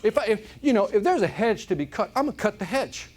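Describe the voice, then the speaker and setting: Man, motivational speaker, high and animated, comic storyteller to a live crowd. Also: fast. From Chicago, United States. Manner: energetic, joking, keeps asking "right?". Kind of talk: live keynote talk to an audience. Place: conference room with audience.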